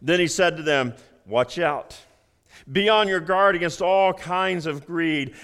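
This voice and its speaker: Pastor guy preaching in church, kinda high voice, folksy, keeps repeating himself. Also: unhurried. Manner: folksy, animated, repeats phrases with restarts. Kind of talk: sermon. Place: church sanctuary.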